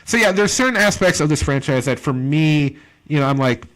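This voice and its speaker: Guy rambling thru a movie review on a podcast, kinda high voice, lots of likes and ums. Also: brisk. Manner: rambling, filler-heavy, animated impressions. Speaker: podcast co-host, comedian. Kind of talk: casual chat, movie review.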